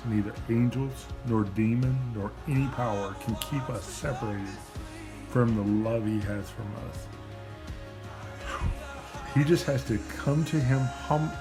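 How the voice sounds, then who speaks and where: A man giving a personal testimony to a camera, earnest and emotional, often repeating himself. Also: mid-range voice.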